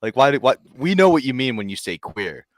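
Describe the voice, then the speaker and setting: A man's voice: medium pitch, very animated, fairly quick, no echo. A man co-hosting a comedy podcast, trading crude jokes in a dry, casual way. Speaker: podcast co-host.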